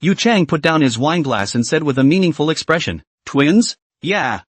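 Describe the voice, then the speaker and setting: Guy doing dramatic comic recap narration, lively pitch, dry sound. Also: fairly quick, no echo. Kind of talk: scripted story narration.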